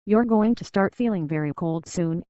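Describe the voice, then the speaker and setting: A woman voicing a calm, enigmatic female android who speaks in a measured way. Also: lowish voice, no echo, natural voice. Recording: dull dry recording.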